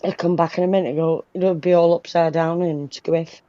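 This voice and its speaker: A woman's voice: fairly low pitch, fairly even intonation, normal speed, dark tone. A woman chatting on a livestream video call from her phone, swearing freely and telling stories. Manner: swears freely, tells stories with quoted voices. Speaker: livestream co-host. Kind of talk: casual banter on a group video call. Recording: dry, dull phone-call audio.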